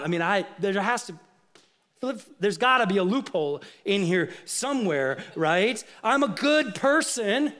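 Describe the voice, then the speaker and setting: A man preaching with a high, bright-edged voice that leaps and plunges across a wide range. He fires rhetorical questions at his listeners, then drops to hushed, low asides. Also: big pitch swings, unhurried. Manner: rhetorical questions, rising to emphatic outrage then dropping low. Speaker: pastor. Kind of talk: sermon.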